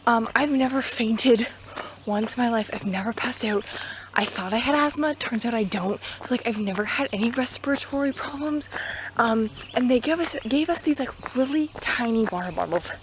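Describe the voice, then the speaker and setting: A woman's voice: a little high, normal speed, slight background noise. Breathless young woman vlogging outdoors. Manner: chatty and dramatic, many fillers. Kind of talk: casual storytime vlog while walking. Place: outdoors on a forest hill path. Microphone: handheld camera.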